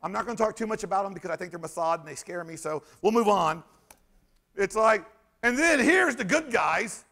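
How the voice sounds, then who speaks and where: A man giving an animated conference talk, sarcastic and emphatic, rambling through restarts and breaking into shouts. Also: high voice, a little fast. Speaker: conference speaker. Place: conference hall stage.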